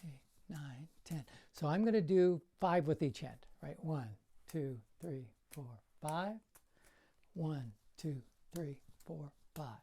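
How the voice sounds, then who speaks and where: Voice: mid-range voice, slow, mellow, husky. An older juggling coach giving a casual tutorial in a bedroom, counting throws aloud as he demonstrates and coaching in plain, encouraging words.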